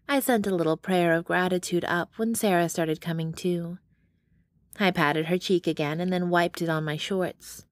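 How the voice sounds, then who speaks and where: A woman narrating a first-person romance audiobook in steady storytelling on a close studio mic. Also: fairly low pitch, moderate pace, dry recording. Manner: steady storytelling with dialogue voices.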